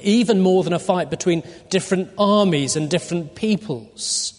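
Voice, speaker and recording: A man preaching a sermon through a Bible passage, deliberate and full of rhetorical questions to his listeners. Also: high-pitched, darkish tone. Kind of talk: expository sermon. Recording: long hall reverb.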